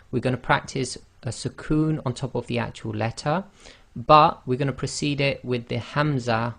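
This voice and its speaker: Slow, gravelly-voiced male pronunciation teacher. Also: medium pitch, a bit bright. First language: not Arabic. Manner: slow, patient, demonstrates sounds by repeating them. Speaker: online Quran teacher. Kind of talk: pronunciation lesson.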